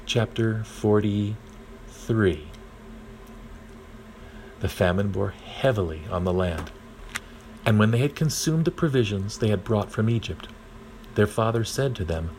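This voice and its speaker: Low-voiced man reading scripture. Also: animated, normal speed, darkish tone, a little hiss or hum, poor audio. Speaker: reader.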